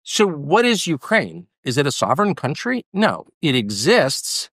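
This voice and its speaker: American man, combative guest, emphatic and repetitive, swooping pitch, dry close sound. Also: very animated, unhurried, fairly bright tone, no room sound. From United States. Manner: emphatic, combative, repeats points for stress. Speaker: interviewee. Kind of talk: heated political conversation.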